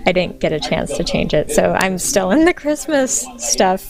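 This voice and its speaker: A woman giving brief, relaxed replies as a guest in a casual voice chat. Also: mid-range voice, moderate pace, gravelly, a crowd in the background.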